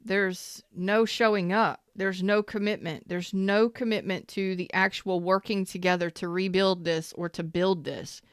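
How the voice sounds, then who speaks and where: Smooth-voiced woman giving a tarot reading. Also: mid-range voice, fairly even intonation, measured pace, hardly any pauses, no room sound, clean studio sound. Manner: repetitive and emphatic, swears when worked up. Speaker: tarot reader.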